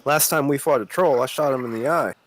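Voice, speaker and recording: A man's voice: mid-range voice, a little fast, a little hiss or hum. A man playing a tabletop game in an upbeat, bold manner, on a home mic. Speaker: player. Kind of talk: casual tabletop play.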